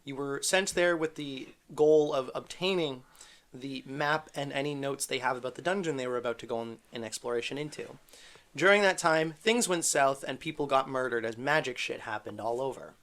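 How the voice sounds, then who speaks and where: A man's voice: medium pitch, moderate pace, fairly bright tone. Man, game master, dramatic storytelling, tabletop narration.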